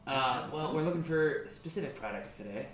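A man playing a tabletop game, easygoing and quick to laugh. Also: on the high side, expressive. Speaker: player. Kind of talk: casual tabletop play. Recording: roomy room, distant mic, ambient noise.

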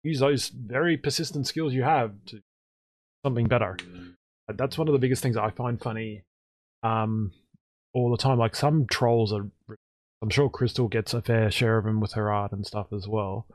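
A man of ordinary pitch chatting casually as host and spinning long anecdotes with lively energy. He often jumps into higher, excited voices when he acts out his own lines. The sound is dry and close, with no room around it. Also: normal speed, no echo. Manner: animated storyteller, jumps into high excited voices when quoting himself. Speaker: podcast host and streamer. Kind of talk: casual chat.

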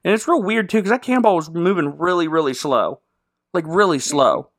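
A man's voice: sits high, very animated, fast. A man hosting a casual comedy podcast, rambling sarcastically through a movie recap with fillers and sound effects. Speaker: podcast host.

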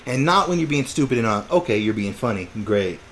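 A man's voice: medium pitch, fairly quick, a little hiss or hum. Laughing young man telling stories. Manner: animated storytelling with laughter and acted-out quotes. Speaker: podcast co-host. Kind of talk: casual chat.

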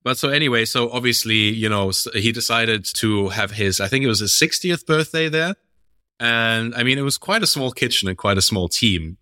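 A man's voice: medium pitch, normal speed, no room sound, clean studio sound. A man co-hosting a podcast, telling a long kitchen story in casual chat, with fillers and imitations of the people in it. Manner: rambling storyteller, mimics people in shouts. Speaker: podcast co-host.

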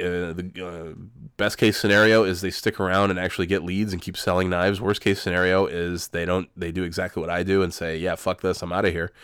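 A man's voice: sits low, clear, resonant tone, no echo, studio quality. A man in his forties with a cold, telling a rambling, profane story in a casual monologue. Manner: rambling, profane, self-correcting. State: has a cold.

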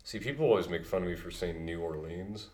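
Deep-voiced man, insistent on careful pronunciation. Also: brisk, a little mellow. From born in Florida, raised in Georgia. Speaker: podcast co-host. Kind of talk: casual podcast chat. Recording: echoey room.

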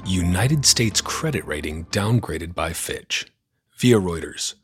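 A man's voice: deep voice, expressive, takes it slowly, a bit bright, faint music behind. A man hosting a news roundup podcast, reading from a script in a blunt, sarcastic, opinionated way. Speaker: podcast host.

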